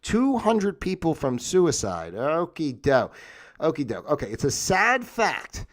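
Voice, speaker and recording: A man's voice: on the high side, huge pitch swings, a little slow. A middle-aged man hosting a casual livestream, reading out facts in a rambling, jokey way and breaking off into asides. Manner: rambling, jokey, self-interrupting. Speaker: livestream host. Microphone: phone.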